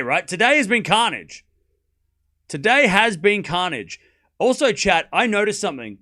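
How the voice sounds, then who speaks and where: A young man hosting a live tennis watchalong, chatting excitedly with viewers and calling scores. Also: mid-range voice. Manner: chatty and excitable, laughs often, repeats phrases, calls out live scores. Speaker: livestream tennis watchalong host. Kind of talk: casual live-stream commentary chatting with viewers.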